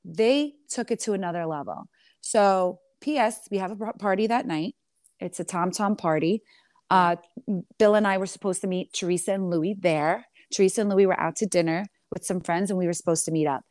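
A woman reality TV star in an interview, telling her side of a clash in a sassy, animated way and calling the listener honey. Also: fairly low pitch, a little fast, no room sound, clean studio sound. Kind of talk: candid storytelling interview.

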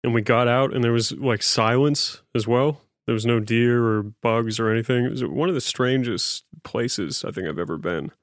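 Podcast co-host, man, halting storyteller, mid pitch, dry close sound. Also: no echo. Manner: hesitant, filler-heavy storytelling. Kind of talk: casual storytelling.

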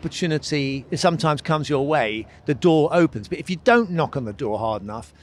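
A man chatting on a podcast as a pundit, halting with frequent restarts. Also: a little high, animated. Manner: halting, restarts often, chuckles between thoughts. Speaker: pundit and former driver. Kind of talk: casual podcast chat.

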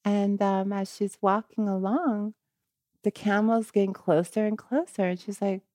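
A woman telling a story in a casual, animated way, often adding "you know" and "right?" between phrases. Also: unhurried, no room sound, studio quality. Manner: gets louder and higher when she quotes the people in the story.

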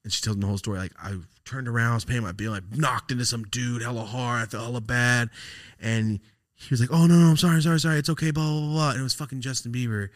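A young man hosting a podcast, telling stories in a loose, profane casual chat. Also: fast talker. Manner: animated, profane storyteller doing squeaky high impressions. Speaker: podcast host.

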